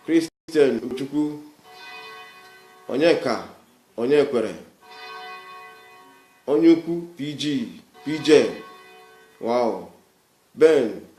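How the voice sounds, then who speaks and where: A man's voice: mid-range voice, a little mellow. Emphatic Nigerian man in an echoey room. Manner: emphatic and repetitive, preachy. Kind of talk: livestream address to viewers.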